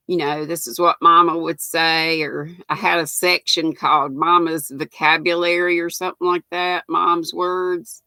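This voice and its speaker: Speaking in a lowish, pushed, bright voice with no room sound, this livestream host is an older North Carolina woman with a Southern accent. She chats easily with her viewers, calls them by name, and laughs a lot.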